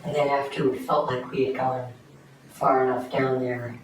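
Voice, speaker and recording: A man speaks in a low, halting way, stumbling over fillers as he recounts events during a recorded police interview. He sits well away from the microphone in a bare room that rings with echo. A steady hiss of background noise runs under his voice. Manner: quiet, hesitant, halting with many fillers. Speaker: suspect recounting a crime. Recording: echoey distant room mic with noise.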